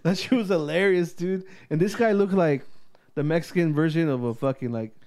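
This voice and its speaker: A man's voice: fairly high pitch, moderate pace, darkish tone. A young man chatting casually, telling a story with lots of swearing and acted-out voices. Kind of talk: casual chat.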